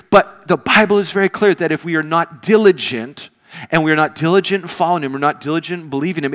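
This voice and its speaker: A man in his thirties delivers a sermon as a pastor, his voice sitting a little high for a man. He talks to the congregation in a direct, conversational way and leans into his points with rising force. The sound carries a long reverb tail, as if in a large church hall. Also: fairly bright tone. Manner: earnest, direct, conversational preaching with rising emphasis.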